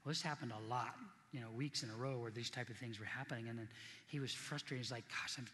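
A man's voice: medium pitch, fairly even intonation, fast, a bit bright, big-room sound. A middle-aged man preaching a sermon as pastor, earnest and conversational, repeating key points for emphasis.

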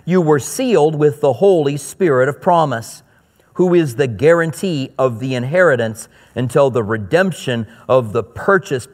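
A man preaching a sermon, reading scripture slowly and then explaining it in quicker, casual asides. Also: medium pitch, in a large hall. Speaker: pastor.

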